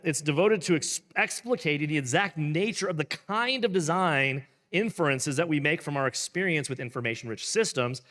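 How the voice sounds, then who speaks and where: A pastor reads a book aloud live and comments on it in a casual, rambling style full of playful asides. His voice is a little high and a bit bright, trailing a long reverb tail.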